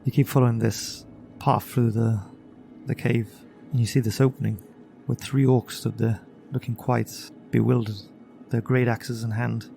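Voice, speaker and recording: A man running a tabletop game, narrating scenes at an even, mid-level pitch. His voice has a gravelly texture. Faint background music plays. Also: normal speed. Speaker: game master.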